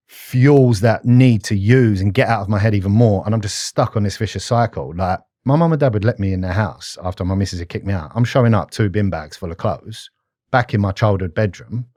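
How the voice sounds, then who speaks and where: A man's voice: fairly low pitch, moderate pace, dark tone, no room sound, clean studio sound. A British man in his thirties, a podcast guest talking bluntly and candidly in conversation. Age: 30s. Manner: blunt and candid, often says mate.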